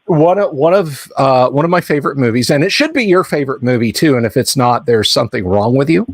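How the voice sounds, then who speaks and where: A man's voice: medium pitch, expressive, fast talker, no room sound. Man, middle-aged, stream host, casual chat, rambling, fillers and restarts, dry close sound.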